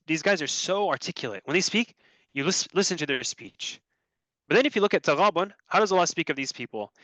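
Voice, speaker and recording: A man giving a religious lesson, reciting short Arabic verses and explaining them in English with lively shifts. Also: on the high side, dry recording. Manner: animated, quickly switching between recited Arabic and English explanation. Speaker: Islamic teacher presenting on Quran structure. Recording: dry, dull lo-fi recording.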